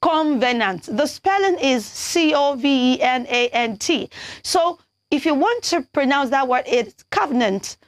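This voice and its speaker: Nigerian woman, young, children's TV teacher, high bright voice, dry close sound, coaxing and lively. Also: measured pace, no room sound. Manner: animated, coaxing, spells words letter by letter. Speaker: children's TV presenter. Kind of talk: teaching English pronunciation to children.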